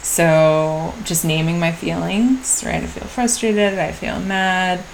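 A woman hosting a podcast, talking through a personal diary entry in a slow, introspective way with pauses and restarts. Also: on the low side, fairly even intonation, creaky, a little hiss or hum. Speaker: podcast host. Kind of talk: reflective personal diary monologue.

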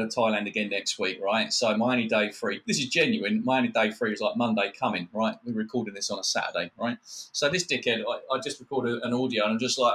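An Australian guest on a video call, talking in loose casual chat. He swears freely and keeps breaking into mocking quoted voices. His pitch sits in the middle for a man. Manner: swearing, animated rants with mocking put-on quotes.

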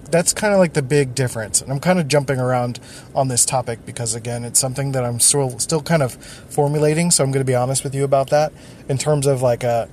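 A man's voice: mid-range voice, a little mellow, a little hiss or hum. Rambling man hosting a solo podcast. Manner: rambling, thinking aloud with many fillers. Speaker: podcast host.

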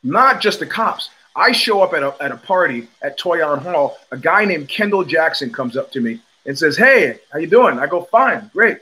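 A man's voice: on the high side, normal speed, hardly any pauses. An older man with a New York accent hosting a livestream, telling stories bluntly and with swagger, often restarting his sentences. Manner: blunt, animated storytelling with frequent restarts and profanity. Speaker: show host. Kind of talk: casual livestream monologue.

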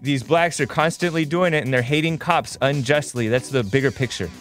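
A man hosting a talk show, reading out viewer chat messages in a sarcastic, animated way and laughing often. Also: mid-range voice, brisk, soft background music. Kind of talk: reading live chat and taking calls.

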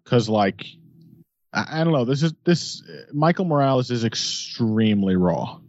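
A man's voice: medium pitch, expressive, unhurried, a little mellow, dry recording. A man co-hosting a podcast, giving laid-back fight analysis with jokey asides. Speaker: podcast co-host. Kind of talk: casual sports chat. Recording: dry, slightly dull lo-fi audio.

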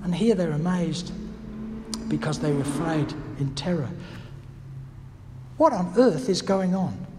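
A man with a high voice gives a thoughtful sermon, working through his points with questions to the congregation. His voice rings with the long reverb of a big hall. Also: lively intonation, measured pace, long pauses, noisy background. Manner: reflective, teacherly, with restarts and rhetorical questions. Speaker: preacher.

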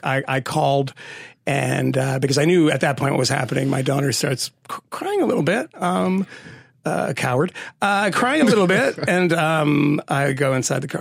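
Male podcast co-host, gravelly, animated storyteller, pitched a bit high. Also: moderate pace, no room sound, clean studio sound. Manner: animated storytelling with laughs and profanity. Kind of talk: casual chat.

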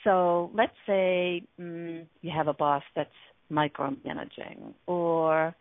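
A woman's voice: on the low side, level tone, slow, dry recording. A woman hosting an internet radio talk show as a relationship coach, speaking earnestly with many fillers and restarts. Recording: tinny dry phone line.

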